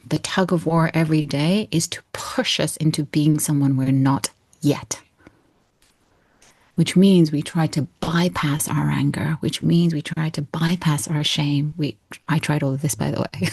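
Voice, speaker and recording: A woman's voice: low voice, normal speed, darkish tone, slightly rough, no echo. A woman in her thirties, a coach speaking earnestly and expressively as an interview guest, often laughing. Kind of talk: heartfelt interview talk.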